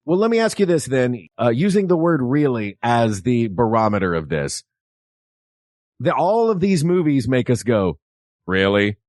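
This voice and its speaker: A man co-hosting a comedic podcast, arguing precisely over wording in a lively way. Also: medium pitch, normal speed, dry recording, clean studio sound. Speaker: podcast co-host.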